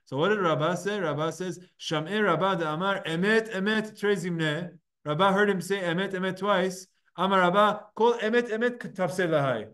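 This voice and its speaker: A man's voice: high-pitched, normal speed, hardly any pauses, a bit bright. A man teaching a Talmud class, explaining step by step in a casual way and posing and answering his own questions. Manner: casual, conversational with students.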